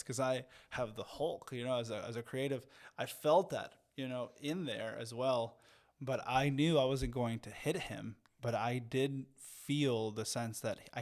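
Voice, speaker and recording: A middle-aged man co-hosting a podcast, telling a personal story reflectively and dropping into hushed, calm tones. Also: mid-range voice. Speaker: podcast co-host. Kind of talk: casual conversation.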